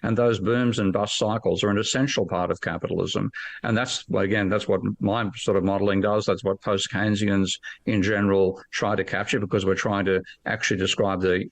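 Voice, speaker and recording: A man explaining ideas as an economist guest, fluent and emphatic, with a blunt edge. His voice is fairly low. The recording is dry and close, with no room sound. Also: little pitch movement, a little fast, dry recording. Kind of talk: podcast discussion, explaining.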